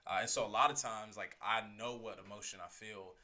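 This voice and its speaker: A man in casual podcast conversation, his voice a little low but bright and forward. He speaks earnestly and thoughtfully and laughs easily. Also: steady tone, brisk. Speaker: podcast co-host, pastor. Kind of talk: casual chat.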